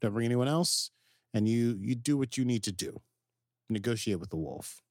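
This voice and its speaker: In a studio-quality recording with no room sound, a male podcast co-host with a mid-range, darkish voice talks animatedly at normal speed. He casually rambles through an episode recap, full of fillers and acted-out quotes.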